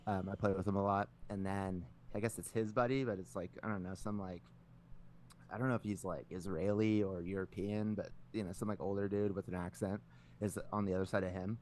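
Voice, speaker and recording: Male podcast co-host, lower voice, rambly and profane storyteller, slight background noise. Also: steady tone, fairly quick, darkish tone. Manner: rambling, heavy filler words, swears a lot. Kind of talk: casual storytelling chat.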